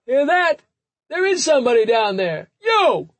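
A man voicing a brash young male passerby who shouts and haggles from the street in a storybook reading. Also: extremely high pitch, big pitch swings, a little slow, dry recording, pitched above the performer's own voice, full character voice.

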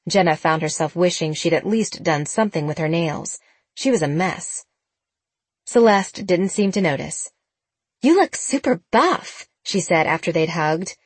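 A woman reading a story aloud as audiobook narrator, changing her pitch for the characters. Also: moderate pace, husky, dry recording. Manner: shifts pitch for different characters. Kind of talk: scripted narration with character voices.

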